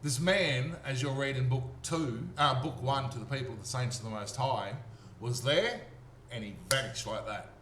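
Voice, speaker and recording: Telling his own story, this Australian-accented man speaks in a medium, fairly bright voice, earnest and repetitive as he rambles. He often checks on his listener with "okay?" amid a roomy echo and faint background noise.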